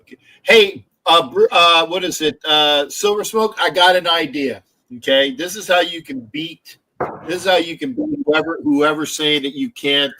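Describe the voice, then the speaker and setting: Higher-voiced rambling male stream host. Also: moderate pace, pushed and bright, low-quality recording. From Philadelphia area. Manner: rambling, restarts often, swears. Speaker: livestream host. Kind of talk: casual sports chat.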